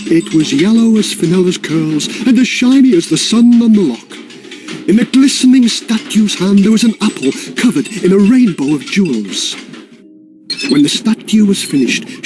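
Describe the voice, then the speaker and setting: Male storyteller, playful and sing-song, high and lively. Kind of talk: scripted narration for children.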